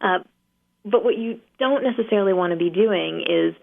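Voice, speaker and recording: A woman negotiation trainer, a guest on a talk show, explaining tactics in a practical, steady way with many fillers. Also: fairly low pitch, fairly quick, vocal fry. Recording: phone-line guest audio.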